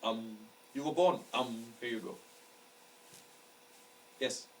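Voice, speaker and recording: Man teacher, mid-pitched, patient and explanatory with students, recorded a bit far off with faint noise behind. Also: slow. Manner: patient, explanatory, often checks understanding. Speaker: astrology teacher. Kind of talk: classroom lecture. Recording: distant mic with faint background noise.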